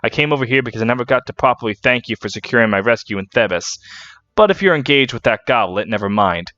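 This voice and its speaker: A man's voice: medium pitch, expressive, fast, pushed and bright, no echo, highs cut off. A man voicing an earnest young woman knight who speaks in a formal, sincere way.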